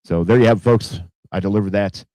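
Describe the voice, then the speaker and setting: A man rambles through casual news commentary with plenty of fillers and cursing. His voice is low and mellow. The recording is dry and close. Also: fast, no echo. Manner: profane, rambling, heavy fillers. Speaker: podcast host.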